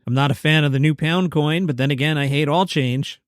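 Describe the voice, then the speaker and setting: A man hosts a comedy news podcast with a wry, sarcastic edge, reading jokes aloud in a casual way. His voice sits a little high and sounds dry and close to the mic, as in a small home studio. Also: fairly quick, no room sound.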